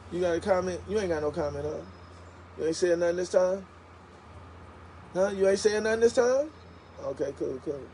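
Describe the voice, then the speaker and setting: Chatty man telling stories, mellow voice. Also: fairly high pitch, slight background noise, low-quality recording. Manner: chatty, animated storyteller. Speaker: live streamer. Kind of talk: casual storytelling on a livestream.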